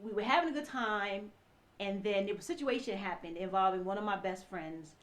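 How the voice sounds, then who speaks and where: A woman's voice: medium pitch, moderate pace. A woman in her thirties giving an earnest personal testimony, speaking directly to her listeners and often repeating herself as she recounts events. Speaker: ex-wife telling her story.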